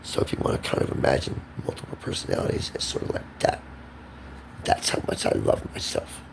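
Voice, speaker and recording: A man's voice: brisk, background noise. A man rambling in a monologue to camera, emphatic and preachy, repeating himself. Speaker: vlogger.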